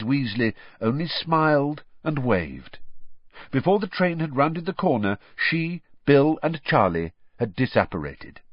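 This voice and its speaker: A man reading a storybook aloud as an audiobook narrator, with expressive scripted narration. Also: mid-range voice, unhurried, dry recording, muffled recording.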